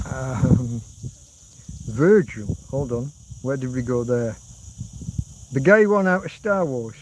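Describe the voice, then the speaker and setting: A man's voice: mid-range voice, unhurried, a little hiss or hum, low-quality recording. A man in his fifties with an English accent, hosting a rambling livestream chat, reading out comments, swearing casually and now and then humming tunes. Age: 50s. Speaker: livestream host.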